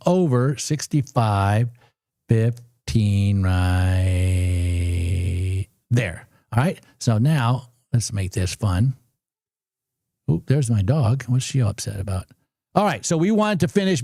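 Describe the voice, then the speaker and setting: A man hosting a live trading stream, chatting to his viewers in an excitable, casual way and repeating numbers aloud as he works. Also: a little high, dry recording, studio quality. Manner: excitable, talks to viewers and chat. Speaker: livestream trading host.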